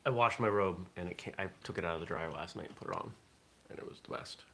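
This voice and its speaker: A man's voice: deep voice, fast, a bit bright. A man hosting a casual morning vlog, rambling and thinking aloud with fillers. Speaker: vlog host.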